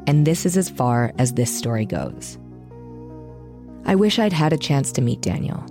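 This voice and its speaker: An actress playing an earnest female true-crime podcast host, giving measured, reflective scripted narration. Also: very deep voice, sing-song, music in the background, full character voice.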